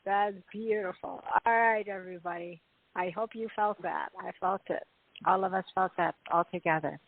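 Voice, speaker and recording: A woman's voice: mid-range voice, normal speed, creaky, dry recording. A woman hosting a casual group call who is effusive and upbeat and tends to repeat herself. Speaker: host. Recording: tinny phone line, dry.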